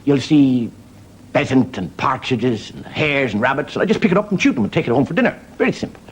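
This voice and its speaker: Guy putting on a cheery little farmer, high and lilting, hissy background. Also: animated, fairly quick, natural voice. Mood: chirpy. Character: plucky little Irish farmer with a donkey cart.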